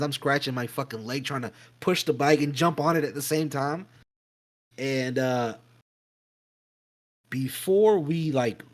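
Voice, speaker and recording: A man co-hosting a podcast, telling a spooky story in a casual, animated way, swearing freely and acting out voices and sounds. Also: medium pitch, rough recording. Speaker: podcast co-host.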